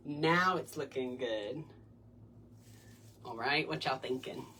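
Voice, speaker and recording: A woman's voice: rumbling low, drawn-out words, long pauses, pushed and bright, recorded from a distance, a little hiss or hum. A woman hosting a casual wreath-making tutorial in her home craft room, chatty and bubbly. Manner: chatty, bubbly, breaks into little sing-song bits. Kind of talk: casual crafting demo chat.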